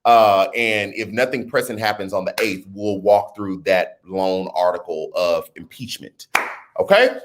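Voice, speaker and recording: A man hosting a casual livestream, reading viewer comments and joking with loud laughter. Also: on the low side, animated, measured pace, slight background noise. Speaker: host of a political livestream.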